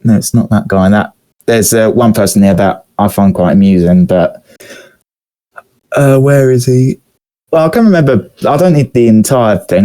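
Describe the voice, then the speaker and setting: Casual British male podcast host, young, mellow and relaxed tone, meandering delivery full of "uh"s and restarts. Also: lowish voice. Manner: rambling, hesitant, many pauses and fillers. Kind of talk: casual storytelling chat.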